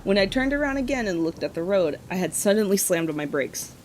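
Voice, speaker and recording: A woman's voice: mid-range voice, expressive, fairly quick, darkish tone, a little hiss or hum, rough recording. A woman co-hosting a podcast, reading a spooky campfire story aloud in a casual way and often breaking into giggles.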